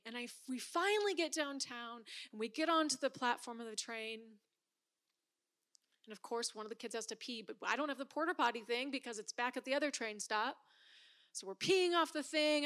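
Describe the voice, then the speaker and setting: High, bright-voiced woman telling a story. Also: normal speed. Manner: animated, acts out her own inner voice. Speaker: speaker telling a personal story. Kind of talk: personal storytelling talk.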